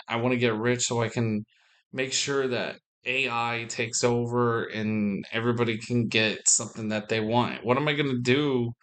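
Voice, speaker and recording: Addressing his viewers, a young man vlogs in a meandering, casual monologue, with a mid-range voice that's fairly bright in tone. He frequently starts over and drops a swear word here and there.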